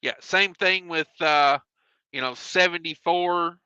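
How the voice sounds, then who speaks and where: Bright, sharp-voiced man hosting a live stream. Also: on the high side, clean tone, no echo, muffled recording. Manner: easygoing, drawn-out filler sounds, reads chat aloud. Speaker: host of a trucking live show. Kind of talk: casual live-stream chat, reading viewer comments.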